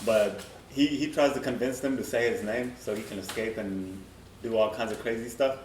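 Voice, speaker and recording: A man's voice: mid-range voice, normal speed, a little mellow. A young man in casual podcast chat, laid-back, recapping and asking prompting questions. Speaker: podcast co-host. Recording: distant, echoey room, faint noise.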